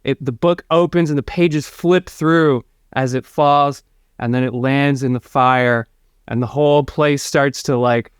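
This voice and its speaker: A man narrating an improvised comedy adventure, pausing and restarting often. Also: mid-range voice, fairly even intonation, clean tone, no echo, studio quality. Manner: hesitant, halting narration. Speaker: improv comedy podcast co-host. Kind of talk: improvised storytelling.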